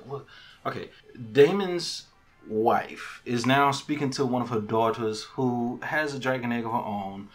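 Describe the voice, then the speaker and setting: A man hosting a podcast, casually recapping a TV episode in slangy, profane talk and acting out the characters' lines. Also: fairly low pitch. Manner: animated storytelling with quoted character lines and laughs. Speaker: podcast host.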